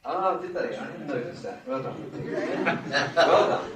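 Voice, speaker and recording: A man's voice: on the high side, animated, slow pace, roomy sound, distant mic, low-quality recording. A man presenting to a live audience, chatty and wry, joking with the crowd. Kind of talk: casual talk to an audience.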